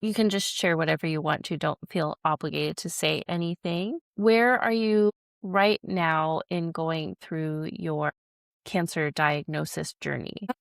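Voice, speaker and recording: A woman hosting a podcast, asking questions in a gentle, reassuring way. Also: deep voice, steady tone, unhurried, vocal fry, no room sound, studio quality. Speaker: podcast host. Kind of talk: interviewing.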